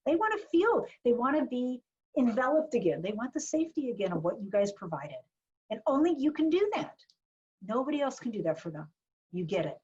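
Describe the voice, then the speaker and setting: A woman marketing advisor giving a chatty, blunt webinar talk full of jokes and asides over a video call. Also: fairly high pitch. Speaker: small business marketing advisor. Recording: dull lo-fi webinar audio.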